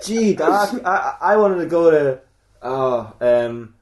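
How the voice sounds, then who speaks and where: A man's voice: on the high side, lively intonation, slow pace. A man voicing a laid-back teenage boy with whiny, slangy speech, in an echoey room. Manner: whiny, slangy teen talk.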